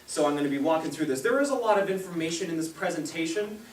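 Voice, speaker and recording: A man's voice: fairly high pitch, lively intonation, fast talker. A young man presenting a parenting seminar to a live audience, telling stories, laughing often and acting out the people he quotes. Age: young adult. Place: meeting room with a live audience. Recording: echoey room, distant mic, faint hiss.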